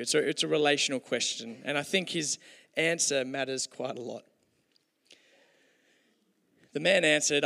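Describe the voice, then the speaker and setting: A man's voice: a little high, moderate pace, gravelly, long pauses, pushed and bright. Man preaching in an echoing hall. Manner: conversational, humorous, with hesitations. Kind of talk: sermon with storytelling.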